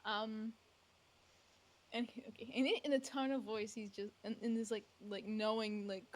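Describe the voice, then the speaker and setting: A woman with a fairly high voice plays a tabletop game and describes her character's reactions. She rambles and searches for the right words, full of fillers. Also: flat delivery, moderate pace. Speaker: player. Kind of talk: casual tabletop game narration.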